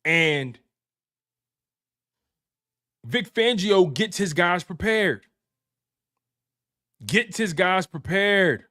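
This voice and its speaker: Man, sports stream host, high voice, hyped, repeats himself, talks to chat. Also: expressive, very slow, pauses often, bright, forceful tone. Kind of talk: excited live-stream recap with super chats.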